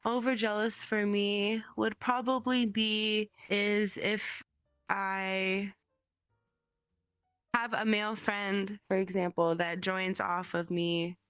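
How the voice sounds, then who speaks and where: A woman speaks plainly and bluntly while answering questions in a casual game chat. Her tone is bright and crisp. The sound is dry, with no room around it. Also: mid-range voice, flat delivery, takes it slowly, no room sound, soft background music. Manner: blunt, matter-of-fact.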